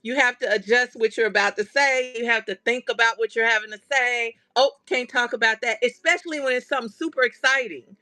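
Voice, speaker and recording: A woman's voice: a little high, fast, few pauses, bright, forceful tone. A woman hosting a craft livestream, chatting casually and animatedly straight to her viewers.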